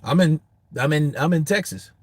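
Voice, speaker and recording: Husky, profane boxing show host. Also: male voice, a little high, moderate pace, dry recording. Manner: profane, animated, laughing often. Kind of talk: casual live commentary answering viewers.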